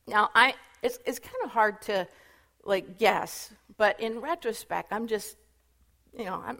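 A woman retelling Bible stories in a casual, chatty sermon, animated and full of fillers. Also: fairly high pitch. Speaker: Bible teacher.

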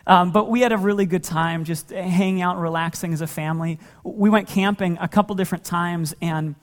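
A man in his thirties, a pastor, giving a sermon and telling family stories in a relaxed way, often breaking into laughter. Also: high voice, a little fast. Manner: relaxed storytelling with frequent laughter.

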